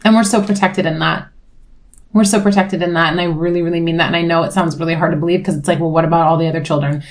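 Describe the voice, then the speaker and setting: A woman's voice: fairly low pitch, steady tone, fast talker. A young adult woman reading tarot in casual chat, rambling with many fillers, emotional and swearing freely. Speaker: tarot reader.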